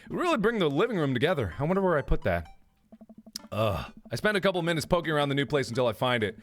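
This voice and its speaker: A man's voice: on the high side, sing-song, racing, fairly bright tone. A man in his twenties hosting a let's play, reading game text aloud in a goofy, playful way and breaking into silly voices. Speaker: gaming video host.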